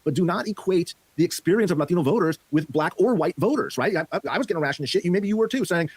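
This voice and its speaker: A man sounds off on a podcast in a rush of words, his voice pitched high and husky. He gets worked up and repeats himself as he pushes his point. The recording is dry and close. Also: animated, racing, few pauses, no room sound. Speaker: political commentator. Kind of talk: heated podcast opinion.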